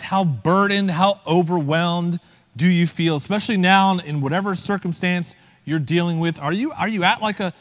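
A man preaches in a relaxed, conversational way, putting questions straight to his listeners. His voice sits a little high for a man. It rings out with the long reverb of a church hall. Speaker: pastor. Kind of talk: sermon.

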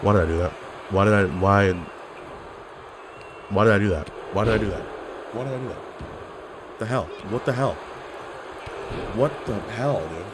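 A man giving casual, animated commentary while playing an online wrestling game, yelling at his opponent and cracking jokes. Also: fairly low pitch, moderate pace, long pauses, background noise. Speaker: gaming YouTuber.

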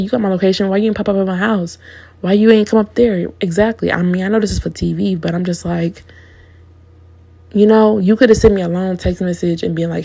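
Candid, slangy woman with a gravelly, warm voice. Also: medium pitch. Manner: candid, slangy, talks straight to viewers. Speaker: reality show recap vlogger. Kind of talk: casual opinionated recap.

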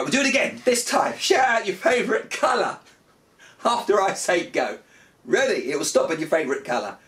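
Brief: male kids' magician, lively swooping delivery, jokey mock frustration. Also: sits high, far from the mic. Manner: playful, mock-frustrated, big excited cheers. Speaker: children's magician. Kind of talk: comic magic show patter for children.

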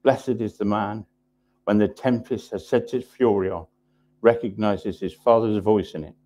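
A man preaching a sermon in a church, driving points home through repetition and often dropping his voice low and quiet for emphasis. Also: fairly even intonation, normal speed. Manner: emphatic repetition, drops low and soft for weight.

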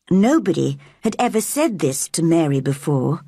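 Brief: woman storyteller, husky tone, lively pitch, unhurried, dry close recording. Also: no room sound. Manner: clear, careful storytelling. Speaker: narrator. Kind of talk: slow storybook reading for English learners.

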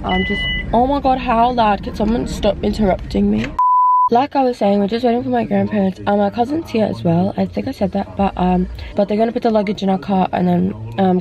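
A young woman from Australia chats to her camera from a car, rambling and casual with plenty of fillers. Her mid-pitched voice has a gravelly fry, rough with morning sleep. A handheld compact camera picks her up close. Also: fairly quick, dull audio, very noisy. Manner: chatty, rambling with many "like"s and "um"s. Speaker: vlogger. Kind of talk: casual travel vlog chat. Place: inside a car.

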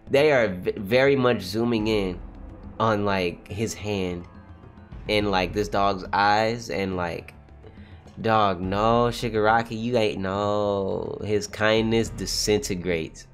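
A young man streaming a live read-along reaction, swearing freely and swinging from low mutters to high shouted outbursts. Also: slow pace, faint music behind. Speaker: streamer reacting to a manga chapter.

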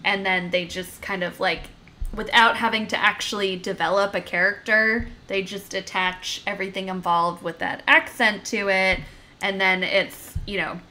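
A woman co-hosting a casual podcast discussion, relaxed and agreeable, with casual fillers. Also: medium pitch, moderate pace. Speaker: podcast co-host.

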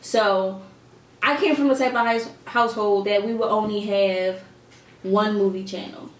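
A woman's voice: medium pitch, steady tone. A young woman with a Philadelphia accent, chatting casually and laughing easily while hosting a meal vlog. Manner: laid-back, chatty, quick to laugh. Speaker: vlog host. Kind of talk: casual chat over a meal. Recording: echoey room, far from mic, noisy.

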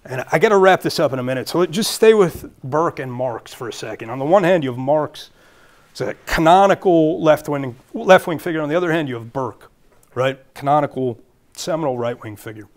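A man's voice: fairly high pitch, animated, a little fast. A man with a Brooklyn accent giving a public lecture as a guest speaker, earnest and thinking aloud with fillers and restarts.

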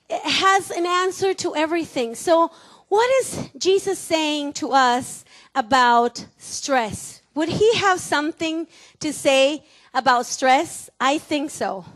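A woman pastor with a Mexican Spanish accent preaching a sermon in a church, playful and laughing, often getting the congregation to repeat words after her. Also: extremely high pitch. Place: church sanctuary.

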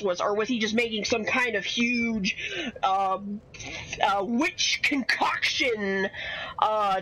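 A young woman streams a game, offering casual commentary as she plays, rambling, swearing often, and swinging between chatty stretches and exasperated outbursts. Her voice is a little high and a bit bright with a breathy edge, and the recording quality is low.

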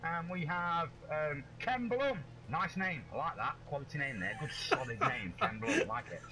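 A man chatting on a live stream, warmly thanking his viewers by name. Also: a little high, sing-song, normal speed, creaky, background noise. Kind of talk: casual live-stream chat.

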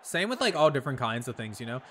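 A man's voice: mid-range voice, sing-song, fast, a bit bright. A man streaming a video game, chatting casually with viewers, laid-back and profane, laughing often. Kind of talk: casual chat while gaming.

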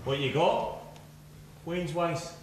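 A man's voice: fairly high pitch, slow pace. A Scottish man in a comedy sketch, talking in a blunt, sweary way. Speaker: call centre worker. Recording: roomy, distant, noisy.

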